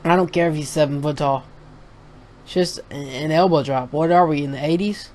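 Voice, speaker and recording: A man's voice: a little high, normal speed, darkish tone, slight background noise. A man talking casually in a reaction vlog, reviewing a wrestling show in a profane, rambling, opinionated rant.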